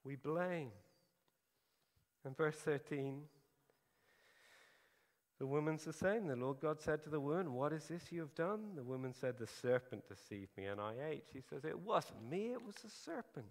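A man preaching a sermon, earnest and emphatic, pausing for effect. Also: a little high. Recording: hall reverb.

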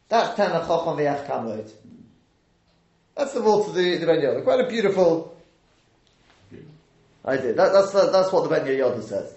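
A man's voice: on the high side, moderate pace, long pauses. A man teaching a live Torah class, acting out the speakers he quotes and often correcting himself mid-sentence. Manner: lively, dramatizes quoted speakers, frequent self-corrections. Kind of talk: live Torah study lecture. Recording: roomy echo.

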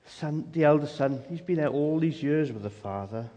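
A man's voice: on the high side, expressive, normal speed, warm tone. Male preacher, emphatic, asks rhetorical questions, voice rings in a long-reverb hall. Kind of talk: sermon.

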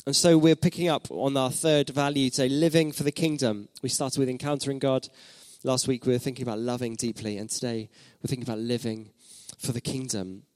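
A man's voice: medium pitch, steady tone, a little fast, few pauses, darkish tone, dry recording. Reflective male pastor preaching. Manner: reflective, repeats phrases for emphasis, asks the listeners questions. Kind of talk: sermon.

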